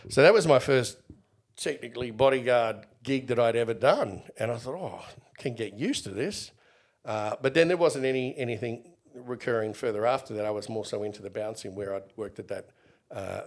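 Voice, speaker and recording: A middle-aged Australian man in a casual interview, telling stories and acting out the people in them. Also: medium pitch. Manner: animated, acts out quoted exchanges. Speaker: interview guest, former bodyguard.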